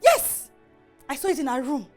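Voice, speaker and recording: Very high voice, swooping pitch, Nigerian accent, shrill accusing young woman. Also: big pitch swings, normal speed, a little mellow, soft background music. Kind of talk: Nollywood film acting.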